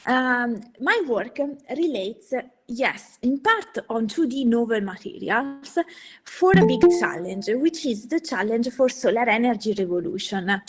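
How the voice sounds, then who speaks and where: A woman giving an academic lecture over a video call, animated and full of hesitant fillers. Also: on the high side, unhurried, faint music behind. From Italy. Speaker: guest speaker.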